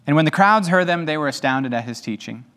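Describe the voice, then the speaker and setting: Male pastor, high and very expressive voice, chatty preaching with jokes, reverberant hall. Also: fast. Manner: animated and conversational, with humorous asides. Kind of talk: sermon.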